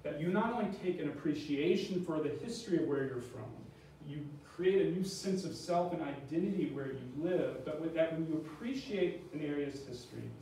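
Man, history professor, explanatory lecture, slightly higher voice, recorded from afar. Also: brisk, dark tone. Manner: explanatory, asks and answers his own questions. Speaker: history professor giving a public talk. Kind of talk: lecture with slides. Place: museum talk room. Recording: very echoey room, distant mic, faint noise.

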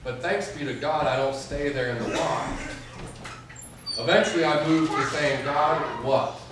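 A man's voice: on the high side, normal speed, background noise. A young adult man, a pastor, preaching an earnest sermon and telling stories with quoted prayers. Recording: echoey hall, mic far off.

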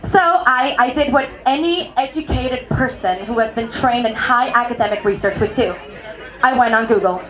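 A young woman from Mexico performs stand-up, her voice riding high as she jokes at her own expense. She laughs through her own punchlines. A live audience murmurs and laughs around her. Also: moderate pace, a bit bright. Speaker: stand-up comedian. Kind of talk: stand-up comedy set. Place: comedy venue with a live audience. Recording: crowd noise from a live audience.

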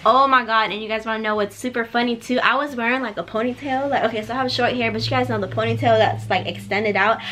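A young woman in her twenties recounts a story for her vlog, talking bluntly with slang and swearing. Her voice sits a little high and sounds bright and sharp. She keeps the volume low because it is night at home. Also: slight background noise. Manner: drops to a quieter voice so neighbors won't hear. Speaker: vlogger. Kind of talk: casual storytime.

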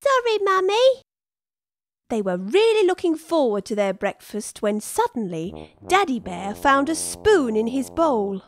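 Lively slow woman storyteller. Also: a little high, no echo. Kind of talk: children's story narration. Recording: dry studio with soft music.

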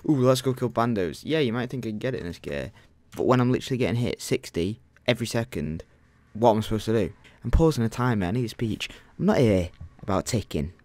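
A man's voice: fairly low pitch, expressive, quick pace, darkish tone, no echo. A young man co-hosting a gaming channel, commenting on his gameplay in a grumbling, exasperated rant.

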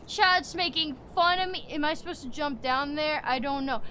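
A young woman live-streaming a video game, talking to chat with exasperated grumbling, loud outbursts and playful menace. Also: high voice, normal speed, hardly any pauses, slight background noise.

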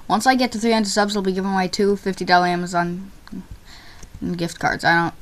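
A young woman commenting on her own gameplay, excitable and quick to yelp and shriek when things go wrong. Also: lowish voice, clean tone. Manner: excitable, yelps and shrieks at failures. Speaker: gaming YouTuber.

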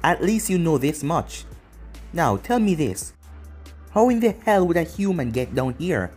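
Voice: mid-range voice, big pitch swings, unhurried, darkish tone, husky, faint music behind. A narrator voicing a haughty three-headed gatekeeper dog. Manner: haughty, commanding.

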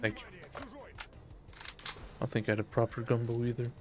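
A man's voice: medium pitch, completely flat delivery, a little fast, heavy background noise. A man streaming a video game live, chatting casually with viewers, cracking profane jokes and laughing often. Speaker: gaming streamer.

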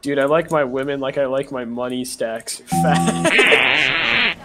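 A man's voice: medium pitch, fairly even intonation, brisk, over loud music. A young man chatting casually and goofily while playing a game, full of slang and laughter. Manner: goofy, slangy, laughing often. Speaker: gaming video host. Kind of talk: casual gaming banter.

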